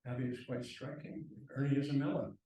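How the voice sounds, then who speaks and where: A man giving a slideshow lecture at a university, relaxed and halting, with frequent ums and restarts. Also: medium pitch. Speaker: guest lecturer. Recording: echoey lecture room from far off.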